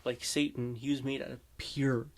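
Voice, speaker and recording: A man's voice: medium pitch, level tone. A man hosting a reaction video, talking earnestly and a little shakily about what he watches. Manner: slow, earnest, shaky-voiced. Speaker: reaction host. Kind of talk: casual commentary.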